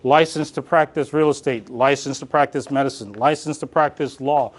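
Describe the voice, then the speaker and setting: A man's voice: medium pitch, moderate pace, few pauses. A man leading a live real estate coaching session, joking and calling on the audience. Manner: animated, joking, calls on audience.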